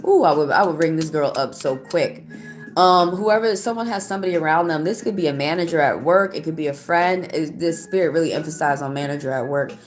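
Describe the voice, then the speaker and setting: A woman's voice: low voice, a little fast, faint music behind. A woman giving a live-stream tarot reading and answering viewers, talking bluntly and heatedly and swearing often. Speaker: tarot reader.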